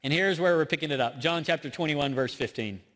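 A man's voice: fairly high pitch, fairly quick, a bit bright. A man with a Southern US accent preaching a sermon as a pastor, conversational and self-deprecating. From American South. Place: church auditorium. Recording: long reverb of a large church hall.

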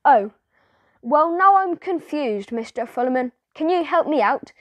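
A woman's voice: high-pitched, animated, a little slow, dry recording, pitched above the performer's own voice. A woman reading the part of a friendly female factory owner who chats with schoolchildren.

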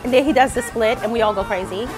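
A woman vocal coach talking chattily in a casual vlog, animated and often laughing. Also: a little high, fast talker, music in the background.

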